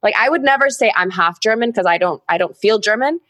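Animated Singaporean woman telling a story. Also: mid-range voice, fast, no echo. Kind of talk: casual conversation.

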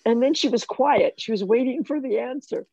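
An older woman telling a personal faith story in conversation, animated and self-mocking, with frequent restarts. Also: a little high, normal speed, vocal fry, muffled recording. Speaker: guest sharing her testimony.

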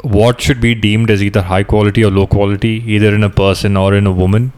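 A man's voice: fairly low pitch, little pitch movement, fast, a little mellow, slight background noise. Thirtysomething guy from india, chill podcast chat, kinda wry and thoughtful, swears a bit. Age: 30s. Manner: reflective, wry, swears casually. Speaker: podcast co-host. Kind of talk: casual chat.

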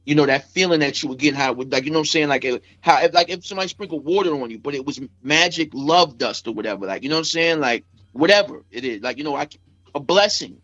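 Expressive and fast, a Staten Island rapper with a high-ish, slightly bright voice rambles through an emotional anecdote as a podcast guest, repeatedly saying things like "you know what I'm saying." The recording is dull and dry.

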